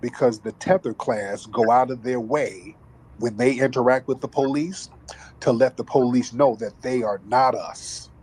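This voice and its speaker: A man's voice: medium pitch, measured pace, darkish tone, slightly rough, low-quality recording. Emphatic preachy male talk-show host.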